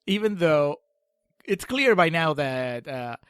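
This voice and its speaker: Guy cohosting a movie podcast, kinda higher voice, laughs a lot, dry mic. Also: big pitch swings, slow pace, a bit bright, smooth, dry recording. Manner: chatty, laughs often. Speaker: podcast co-host. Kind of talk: casual film discussion.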